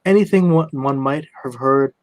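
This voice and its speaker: A man hosting a casual conversation, talking in a measured, hesitant way. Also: medium pitch, darkish tone, no room sound. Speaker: host.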